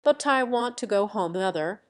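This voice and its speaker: A woman's voice: mid-range voice, animated, moderate pace, close to an everyday voice. A woman voicing a lost, frightened little girl with a plaintive, wailing way of speaking.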